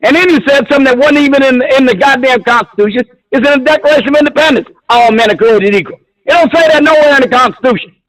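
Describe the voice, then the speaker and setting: A man's voice: very high voice, fast talker, a bit bright, rough recording. A man calling in to a talk show, arguing bluntly and combatively with frequent swearing. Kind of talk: heated call-in argument.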